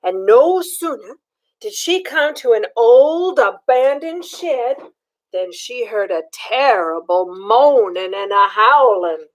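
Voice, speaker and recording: An older woman reads a picture book aloud to children, pausing to ask them what they see. Her voice is high and she takes her time, keeping the telling animated. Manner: animated, asks children questions. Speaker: storyteller.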